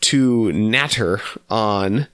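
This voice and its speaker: A man co-hosting a podcast in casual chat, sarcastic and profane in quick banter. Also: lowish voice, fairly bright tone, smooth, dry recording, clean studio sound. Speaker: podcast co-host.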